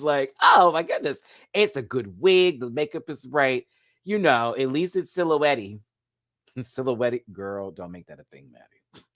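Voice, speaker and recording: Male host of a live show review; gushing, chatty, answers his viewers, voice rises and falls a lot. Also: mid-range voice. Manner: gushing, excitable, laughs often; chatty, talks back to viewers' comments. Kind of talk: live video review chat.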